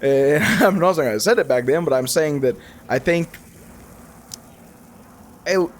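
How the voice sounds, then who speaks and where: Unusually for the group, this young gaming YouTuber speaks a little slowly, his voice on the high side, with some hiss or hum in the recording. His casual gameplay commentary still rambles, stays animated, and is full of self-corrections and restarts.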